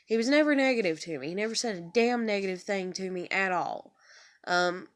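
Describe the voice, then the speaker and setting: A woman's voice: medium pitch, brisk. Tearful profane woman venting to camera. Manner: rambling, profane, heartfelt. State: near tears. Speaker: vlogger. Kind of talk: emotional personal monologue to camera. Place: bedroom.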